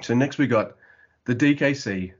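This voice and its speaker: A man co-hosting a casual wrestling recap podcast, animated and quick to laugh. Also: mid-range voice, highs cut off. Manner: animated, mimics wrestlers with loud yelps and laughs. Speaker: podcast co-host.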